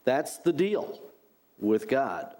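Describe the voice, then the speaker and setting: A middle-aged male pastor preaching a sermon, deliberate and repeating key phrases for emphasis. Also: medium pitch, sing-song, warm tone.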